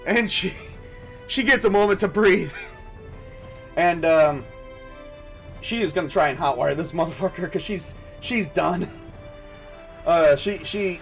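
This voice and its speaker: A man narrating a solo tabletop game, rolling dice and thinking aloud in a halting way with many fillers. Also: medium pitch. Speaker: game master.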